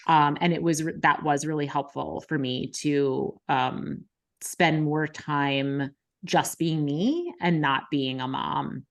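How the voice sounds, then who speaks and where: Woman, low voice, candid storytelling, podcast host, casual fillers. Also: steady tone, slow pace, creaky. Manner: frank, many likes and ums, emotional retelling.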